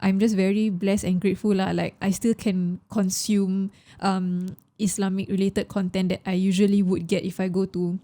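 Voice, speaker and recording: Young Singaporean woman, podcast co-host, mellow tone, emotional and chatty, slips into Malay. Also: medium pitch. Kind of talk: casual chat.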